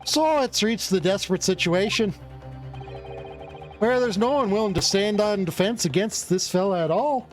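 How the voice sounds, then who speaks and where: A man's voice: high-pitched, moderate pace, faint music behind, close to an everyday voice. A man voicing a boastful, rich old businessman in a put-on Irish accent that slips toward Canadian, reading game dialogue. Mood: gossipy. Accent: put-on Irish drifting Canadian. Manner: blustering, folksy, theatrical.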